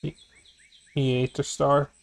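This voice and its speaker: A man's voice: on the high side, little pitch movement, slow pace, gravelly. A man streaming a video game, chatting casually and tiredly, with some swearing. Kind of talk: casual let's-play chat. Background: game music.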